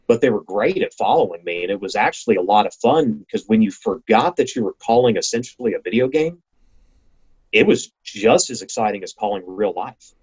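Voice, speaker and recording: Enthusiastic and casual, a racing announcer discusses his work as an interview guest, his speech coming in quick bursts full of restarts. The voice is fairly low, a little mellow and slightly rough, in a lo-fi recording with slightly dull sound.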